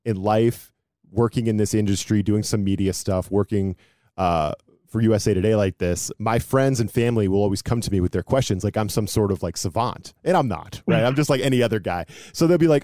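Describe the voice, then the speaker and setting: A man's voice: lowish voice, brisk, dark tone, no echo, clean studio sound. A man hosting a sports podcast, chatting casually and animatedly, poking fun at himself and laughing often. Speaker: podcast host.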